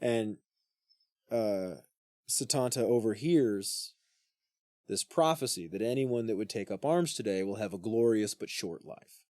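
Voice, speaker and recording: A man's voice: on the low side, a little slow, darkish tone, dry recording. Slangy storytelling man, dry close mic. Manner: retells myth in slangy voices, swears, laughs. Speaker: podcast co-host. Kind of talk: casual storytelling.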